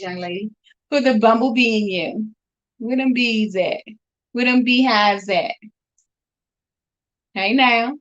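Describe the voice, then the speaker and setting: A woman selling her handmade bracelets on a live stream, chatty and upbeat as she talks straight to her viewers from home. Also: fairly high pitch. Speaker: jewelry seller on a live stream. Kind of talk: casual live sales chat. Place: room at home. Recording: dull lo-fi stream audio.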